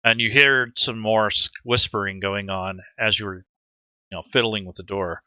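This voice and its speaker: A man acting as game master in an online tabletop game, narrating scenes in a relaxed, rambling way and talking players through the rules. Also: fairly low pitch, normal speed, dry recording.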